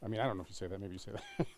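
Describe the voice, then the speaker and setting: A man's voice: on the low side, fast, darkish tone, a little hiss or hum. A man co-hosting a comic shop live-stream sale, teasing his partner and rattling off prices and book conditions in casual patter.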